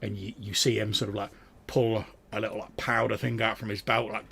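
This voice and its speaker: A man running a tabletop game, describing scenes loosely with plenty of fillers. His voice sits low and gravelly, with a husky edge. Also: level tone, brisk, bright, forceful tone. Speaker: game master.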